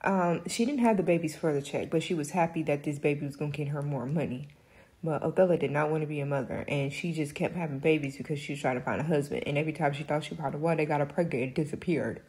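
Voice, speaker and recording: Young woman, casual book review, low voice, warm tone, rambling, frank opinions. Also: fast talker. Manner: rambling plot retelling with many fillers.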